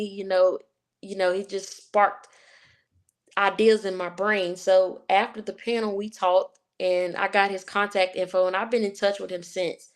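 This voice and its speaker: Interview guest: woman, Southern Virginia accent, chatty and rambling, mid pitch. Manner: chatty storyteller, many fillers like "you know". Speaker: guest, sports writer and podcast host. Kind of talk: casual interview chat.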